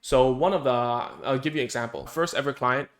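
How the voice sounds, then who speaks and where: A man's voice: mid-range voice, brisk, a bit bright. A man, a speech therapist, explaining in a casual, conversational way, thinking aloud and often checking in with "right?" and "okay?".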